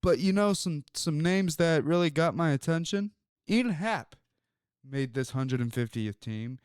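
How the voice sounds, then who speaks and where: A man's voice: on the high side, expressive, a little slow, clear, resonant tone, no room sound, studio quality. A man hosting a sports talk show, telling stories in a rambling way with many fillers. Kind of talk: casual sports talk monologue.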